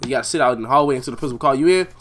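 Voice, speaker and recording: A young man casually telling a school storytime over gameplay, animated and profane, full of street slang, acting out the other people's lines. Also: medium pitch, rapid-fire, slight background noise.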